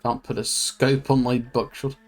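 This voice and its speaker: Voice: medium pitch, little pitch movement, measured pace. A streamer casually commenting while playing a video game, swearing now and then. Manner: casual, swears, laid-back.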